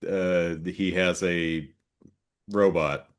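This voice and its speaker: Deep-voiced man in casual movie chat. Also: steady tone, drawn-out words, clear, resonant tone. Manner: chatty, swears casually, laughs between remarks. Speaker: podcast host.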